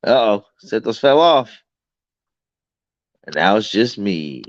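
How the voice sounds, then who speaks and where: A man's voice: fairly low pitch, big pitch swings, takes it slowly, no room sound, dull audio. A man hosting a late-night livestream chat, blunt and profane, acting out both sides of his arguments. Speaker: livestream host.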